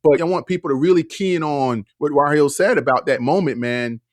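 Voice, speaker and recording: A man's voice: fairly high pitch, brisk, no room sound. Reflective man in his forties hosting. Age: 40s. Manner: thoughtful, casual, sprinkles "man" and "like". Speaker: podcast host. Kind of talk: reflective conversational interviewing.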